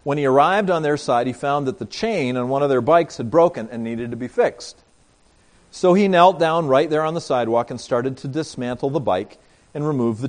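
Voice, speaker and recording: A pastor giving a sermon, telling a story and talking directly to his congregation. He moves between emphatic lines and quiet asides. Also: mid-range voice.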